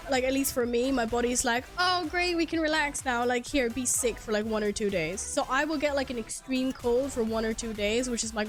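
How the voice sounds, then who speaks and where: A young woman who is a native Swedish speaker, live-streaming a game into a headset mic, chatty and animated, swearing freely and laughing often. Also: high voice. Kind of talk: casual live-stream chat.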